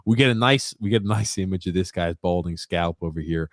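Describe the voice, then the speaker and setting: A young man co-hosting a casual chat, giving jokey, animated play-by-play of a video clip. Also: brisk, hardly any pauses, no echo, studio quality. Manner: animated, jokey play-by-play with sudden high yelps. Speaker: podcast co-host.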